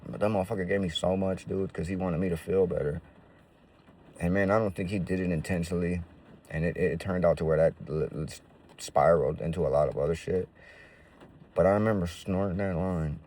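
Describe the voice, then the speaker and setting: A man's voice: deep voice, steady tone, a little fast, mellow, distant mic, slight background noise. A man telling his own life story in a casual, slangy, profane way.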